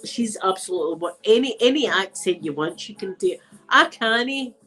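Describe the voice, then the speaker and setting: A Scottish woman chatting loosely with her livestream viewers, rambling from one thing to the next and swearing without a second thought. Her voice sits at an ordinary middle pitch, a little stuffy from a blocked nose. Soft music plays quietly behind her. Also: expressive, normal speed, rough recording. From Scotland. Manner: chatty, rambling, swears casually, laughs often. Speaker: ASMR channel host. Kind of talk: casual livestream chat, answering viewers. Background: faint music playing.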